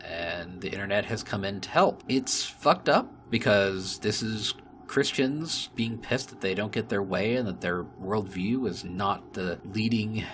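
A man's voice: on the low side, unhurried, fairly bright tone, a little hiss or hum. Man ranting on a podcast. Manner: ranting, heavy swearing. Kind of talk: casual podcast talk.

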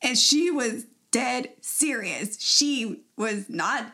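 A woman's voice: a little high, lively intonation, drawn-out words, gravelly, sharp tone. A young woman co-hosting a podcast, telling a story in casual chat with lots of laughs and fillers. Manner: chatty, laughs often, many fillers. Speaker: podcast co-host.

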